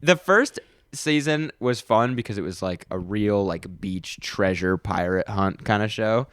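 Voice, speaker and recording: A man's voice: fairly low pitch, measured pace, fairly bright tone, no room sound, clean studio sound. A young man co-hosting a podcast in casual chat, joking and trailing off mid-sentence. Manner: jokey, trails off mid-sentence, puts on silly voices. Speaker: podcast co-host.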